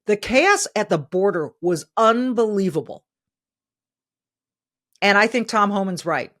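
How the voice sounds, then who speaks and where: Woman, middle-aged, podcast host, animated intonation, emphatic repetition, medium pitch. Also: measured pace, pauses often. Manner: emphatic, animated, repeats phrases for stress. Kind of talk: opinion commentary.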